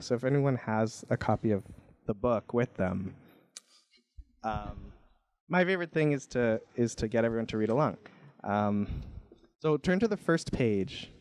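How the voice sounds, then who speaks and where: A man's voice: medium pitch, a little mellow. A young man, an author, reading his picture book aloud at a bookstore event in a casual, hesitant way with frequent ums.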